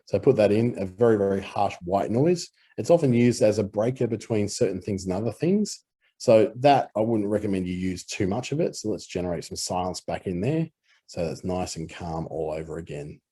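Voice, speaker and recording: A man with an Australian accent explaining audio editing in a relaxed screen-recorded tutorial, with easy fillers. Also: fairly low pitch, a little fast, breathy edge.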